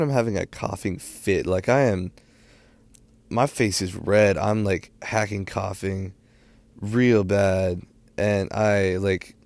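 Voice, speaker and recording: A teenage boy telling a casual story in a rambling way, full of fillers and quick bursts of speech. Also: on the low side, darkish tone, dry recording. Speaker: storytime vlogger.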